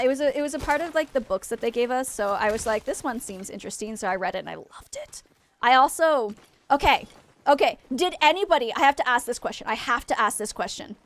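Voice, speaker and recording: A young woman from Maine streaming a game, chatting with viewers in an excitable, rambling, easily distracted way. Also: a little high. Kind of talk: casual livestream chat with viewers.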